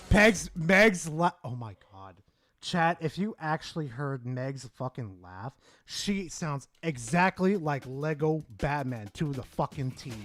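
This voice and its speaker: Excitable high-voiced male streamer. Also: slow pace, no room sound, soft background music. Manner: excitable, swearing, swings from loud shouts to mumbles. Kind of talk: casual live-stream chat.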